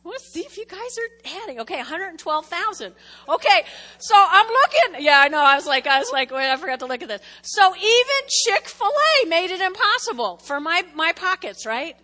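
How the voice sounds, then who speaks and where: A woman delivers a casual, conversational sermon, her voice high and bright. She keeps checking in with the congregation as she goes. The sound rings with a long church-hall reverb. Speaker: preacher.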